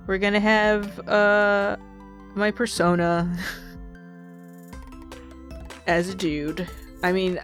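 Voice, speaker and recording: A woman's voice: lowish voice, a bit bright. A woman hosting a casual game playthrough, rambling and giggling often. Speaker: let's play host. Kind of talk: casual gameplay commentary.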